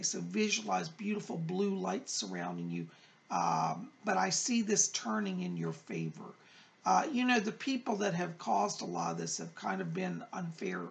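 A man's voice: sits high, vocal fry. A man hosting his own psychic show, chatting effusively to viewers and calling them by pet names. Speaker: psychic medium, show host. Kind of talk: casual chat to viewers.

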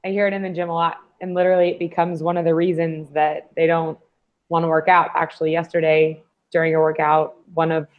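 A woman on a fitness panel who talks in a lively way and acts out the voices she quotes. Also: low voice, a little fast. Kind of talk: casual panel discussion. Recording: slightly dull lo-fi audio.

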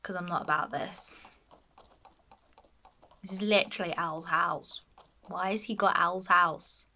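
A woman's voice: lowish voice, fairly even intonation, measured pace, sharp tone. A woman giving playful, chatty commentary while playing a life-sim game. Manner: playful, chatty, fond of cute characters. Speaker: gameplay streamer. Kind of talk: casual gameplay commentary.

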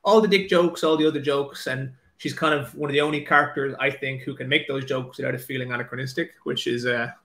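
A man's voice: medium pitch, fairly even intonation, fast talker, hardly any pauses, a bit bright, echoey room. An Irish man, an author, chatting casually and nervously with lots of fillers and restarts. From Ireland. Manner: self-deprecating, nervous, many filler likes and restarts. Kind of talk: casual chat, then reading aloud.

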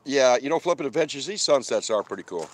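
A man's voice: medium pitch, expressive, quick pace, breathy edge. Man, van-life vlogger, rambling casual chat, talks with his mouth full, outdoors. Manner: chatty, rambling, reads out viewer comments; talks while eating. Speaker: van-life vlogger hosting a live stream. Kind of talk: casual live-stream chat. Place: outdoors at a desert campsite.

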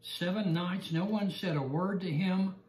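Bible class teacher, evening lesson, chuckling storyteller, middle pitch, roomy echo. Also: measured pace, darkish tone.

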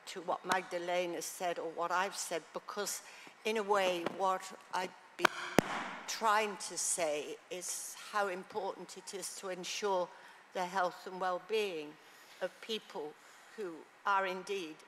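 A woman's voice: on the low side, fairly even intonation, background noise. Reflective woman in a reverberant hall. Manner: halting, reflective, many restarts. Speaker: panelist. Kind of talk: panel discussion. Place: conference hall. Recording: long hall reverb, faint ambience.

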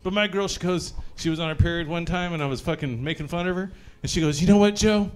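A young man performing a crude, animated stand-up set at a brewery show, acting out panicked voices in his stories. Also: high-pitched, fast talker, few pauses, clear, resonant tone. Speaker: stand-up comedian.

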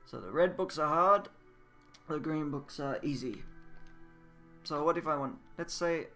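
A man giving a casual, patient Japanese lesson, repeating words and drilling them slowly. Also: a little high, sharp tone, faint music behind. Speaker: Japanese language teacher. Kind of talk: casual spoken language lesson. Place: indoors at a computer, game voice chat.

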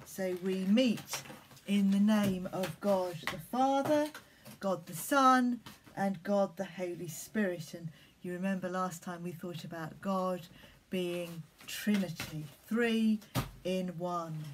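A woman leading collective worship for primary school children, speaking gently and reading them a story. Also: lowish voice, takes it slowly, slight background noise.

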